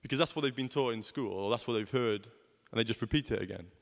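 A man's voice: medium pitch, fast talker, creaky, long reverb tail. A young man preaching a sermon in a conversational way, often asking rhetorical questions.

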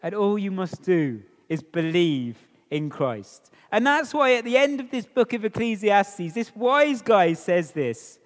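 A man delivers a sermon in a chatty, animated way, throwing rhetorical questions at his listeners. His voice sits high and swings widely in pitch. He takes his time, and a long hall reverb trails each phrase. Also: measured pace, hardly any pauses. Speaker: preacher.

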